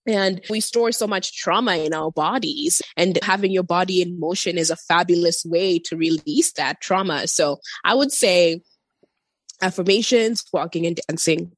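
A woman's voice: fairly low pitch, normal speed, dry recording. A woman guest on a podcast in casual chat, effusive and affirming, a little congested from a cold.

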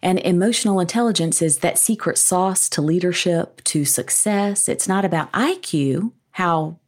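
A woman's voice: on the low side, normal speed. A woman author and communication coach answering interview questions in an upbeat, explanatory way, often adding tag questions.

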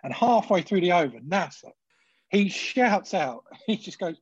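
A man's voice: high-pitched, expressive, husky, no room sound, dull audio. A man casually telling laughing anecdotes about his playing days. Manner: laughing anecdotes, quick asides. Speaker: podcast guest, former cricketer. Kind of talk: casual storytelling chat.

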